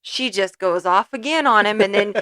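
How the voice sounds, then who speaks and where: A woman's voice: mid-range voice, moderate pace, pushed and bright, dry recording. A young woman co-hosting a podcast in casual chat, playful and teasing as she tells stories. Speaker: podcast co-host.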